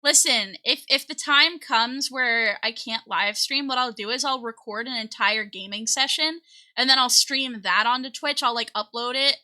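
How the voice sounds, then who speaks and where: A young adult woman streams as a VTuber, chatting casually with her viewers in a slightly high, sharp voice at normal speed. She's giggly and flustered, teary and close to crying, and keeps thanking chat.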